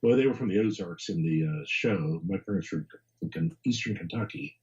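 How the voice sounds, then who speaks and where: A man's voice: deep voice, expressive, fairly quick, a little mellow, muffled recording. A man being interviewed as an author and historian, talking casually, rambling, repeating words and chuckling often.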